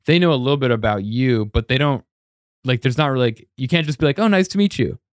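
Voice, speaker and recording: A man hosting a podcast, chatting casually and easily, often tossing in quick agreeing fillers. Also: medium pitch, no room sound, clean studio sound. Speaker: podcast host.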